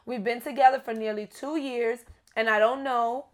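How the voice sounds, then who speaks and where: High-voiced animated woman podcast co-host. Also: moderate pace. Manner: loud, animated, swears freely. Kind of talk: casual relationship-advice chat.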